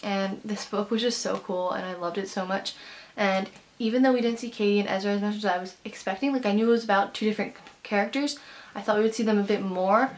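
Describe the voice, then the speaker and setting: A young woman talking casually to camera about a book she loved, gushing and excitable, with lots of fillers and quick runs of words. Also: medium pitch. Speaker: book vlogger. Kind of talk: casual book review vlog.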